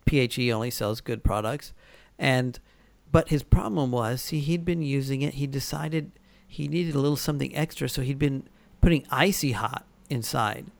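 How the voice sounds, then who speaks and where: A man's voice: mid-range voice, normal speed, vocal fry, no room sound. A man telling rambling stories in casual chat, full of fillers and restarts.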